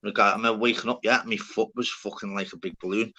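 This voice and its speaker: A man's voice: lowish voice, fairly even intonation, quick pace, sharp tone. A man, swearing a lot and rambling through stories in casual banter as a live stream host.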